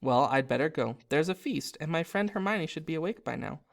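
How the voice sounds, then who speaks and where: A man's voice: on the high side, animated, a little fast, creaky. Easygoing young boy wizard, as a man reads him, storybook voice, polite.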